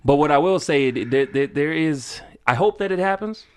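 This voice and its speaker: A man co-hosting a wrestling podcast in a casual chat, excitable, often stumbling and repeating words as he starts a point. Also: on the high side, moderate pace, clean tone. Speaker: podcast co-host.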